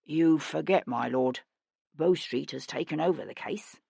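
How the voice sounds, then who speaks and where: A polite, formal magistrate speaks earnestly and respectfully, as a woman narrator puts him on. The voice has a gravelly edge and sits close and dry, as in an audiobook. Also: deep voice, unhurried, mellow, no echo, exaggerated voice. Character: earnest male Bow Street magistrate.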